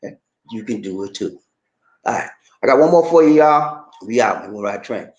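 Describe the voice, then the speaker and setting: A man's voice: medium pitch, animated, a little fast, a little mellow, highs cut off. A middle-aged man giving an emphatic, repetitive monologue, talking straight to his viewers and calling them man. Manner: emphatic, repetitive, keeps addressing listener as man. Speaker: online commentator. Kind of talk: casual preachy monologue. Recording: roomy echo.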